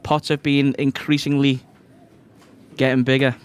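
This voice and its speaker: A man with a Scouse accent giving live poker commentary on a stream, excitable and quick to shout when big cards fall. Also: mid-range voice, clear, resonant tone.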